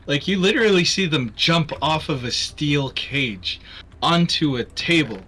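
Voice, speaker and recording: A man's voice: on the high side, lively intonation, unhurried, bright, forceful tone, slightly rough. A man hosting a charity stream, chatting casually while gaming, rambling and swearing as he gets heated about wrestling.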